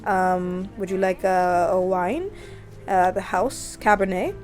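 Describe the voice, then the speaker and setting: A woman's voice: lowish voice, slow, darkish tone, soft background music. A woman voicing an awkward, smitten young Frenchman. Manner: flowery, hesitant, polite.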